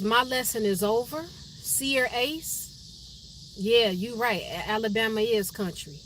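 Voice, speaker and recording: A woman's voice: medium pitch, slight background noise. A woman from Chicago with a Chicago accent, chatting casually on her live stream and answering viewers' comments by name. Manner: chatty, reads viewer names and comments aloud.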